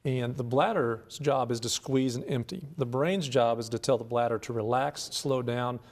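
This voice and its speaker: A man who is a urologist, explaining a medical condition calmly on a talk show and restarting his phrases often. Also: medium pitch, moderate pace. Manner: calm explanatory, with frequent restarts. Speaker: urologist guest.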